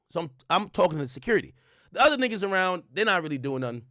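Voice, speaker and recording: Animated profane male streamer, dry sound. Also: high-pitched, fast, dry recording. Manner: animated, reenacts exchanges with quoted voices; casual and profane, frequent restarts. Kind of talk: livestream storytelling to chat.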